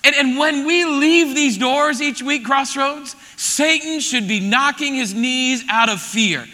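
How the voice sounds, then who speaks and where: A man in his thirties preaching an animated, joking sermon to a congregation in a church auditorium. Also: very high-pitched, slow, big-room sound. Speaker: pastor.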